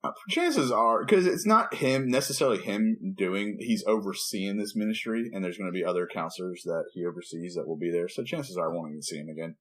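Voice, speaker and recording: A man co-hosting a podcast, telling a story in a playful, animated way and acting out the dialogue. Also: low-pitched, brisk, hardly any pauses, slightly rough. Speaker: podcast co-host, preacher. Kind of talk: casual storytelling chat.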